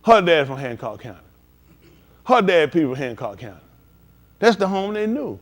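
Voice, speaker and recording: A man preaching a live-streamed sermon in loose, slangy street talk, animated and emphatic. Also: on the high side, moderate pace.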